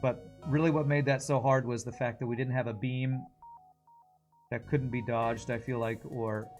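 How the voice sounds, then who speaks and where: A man commentating his own live gameplay in a relaxed, chatty way. He swears freely and laughs easily as the run goes on. Soft game music plays quietly underneath, and his voice sits at an ordinary, average pitch. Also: normal speed. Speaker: streamer.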